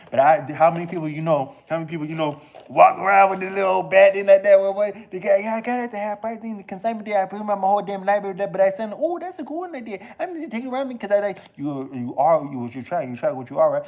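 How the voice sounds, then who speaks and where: Rambling slangy man, higher-pitched voice. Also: a little mellow. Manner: rambling, loose slangy talk with frequent restarts and chuckles. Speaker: video creator. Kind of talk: casual rambling monologue.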